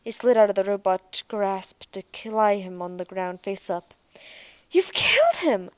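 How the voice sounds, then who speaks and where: A woman reads an audiobook in an even, measured voice of middle pitch. The recording is dry and close, with no room sound. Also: clean tone, no room sound. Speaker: audiobook narrator. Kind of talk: scripted narration.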